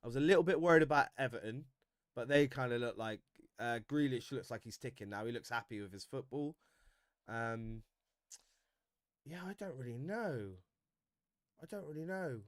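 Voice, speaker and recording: A man hosting a casual football fan livestream, reading viewer comments with animated banter and frequent laughs. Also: mid-range voice, moderate pace, long pauses, no echo, studio quality.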